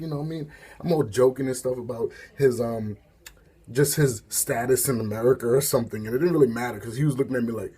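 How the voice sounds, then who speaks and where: Guy with a husky mellow voice rambling thru a story time, lots of "like" and "you know". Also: mid-range voice, quick pace. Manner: rambling, filler-heavy storytelling with asides. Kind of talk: casual storytelling.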